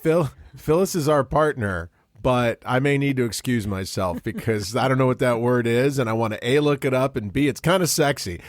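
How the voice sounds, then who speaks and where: A man's voice: mid-range voice, moderate pace, few pauses, no room sound, clean studio sound. A man co-hosting a podcast in casual chat, jokey and rambling, often laughing. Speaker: podcast co-host.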